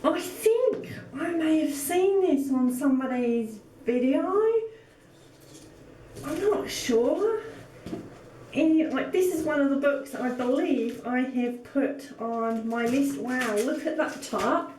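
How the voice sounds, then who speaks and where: A woman's voice: sits high, takes it slowly, darkish tone, recorded from a distance, slight background noise. A woman sewing vlogger opening gifts on camera, gushing and full of exclamations. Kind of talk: casual vlog, opening gifts. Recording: echoey room, mic set back.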